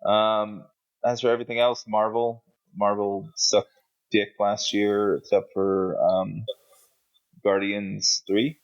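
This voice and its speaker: A man's voice: on the low side, level tone, slow pace. A man co-hosting a podcast, chatting casually in a blunt, profane, sarcastic way. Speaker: podcast co-host. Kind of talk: casual chat. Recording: muffled lo-fi audio.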